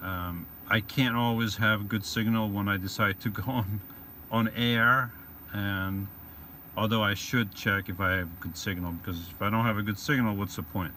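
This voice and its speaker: Broadcasting from his van, a man with a fairly low, fairly even voice runs a casual livestream, reading out viewer greetings and rambling along with jokes. His delivery is at normal speed, pushed and bright, with a little hiss or hum in the background.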